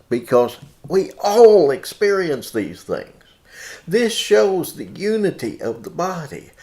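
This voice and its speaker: A man preaching a sermon in a church, who often rises sharply in pitch and loudness. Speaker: pastor.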